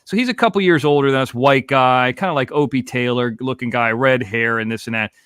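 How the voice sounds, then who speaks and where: A man's voice: medium pitch, fairly quick, fairly bright tone, clean tone, no echo, studio quality. A man in his forties from Florida, a podcast host telling rambling, profane stories in casual chat. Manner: rambling, profane, laid-back.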